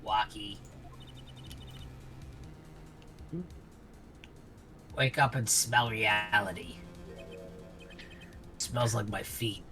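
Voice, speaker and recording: A man's voice: fairly low pitch, fairly even intonation, slow pace, pushed and bright, soft background music. A man voicing a scheming young woman in a fan voice-over of a game, sly and mocking. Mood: scornful.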